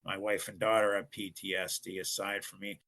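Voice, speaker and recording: Middle-aged man, podcast guest, gravelly bright tone, emphatic storyteller. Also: low voice, little pitch movement, moderate pace. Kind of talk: telling a personal story.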